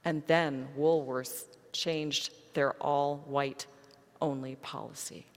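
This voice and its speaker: A woman pastor delivering a sermon, telling a story to her congregation in a measured way. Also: low-pitched, fairly even intonation, big-room sound.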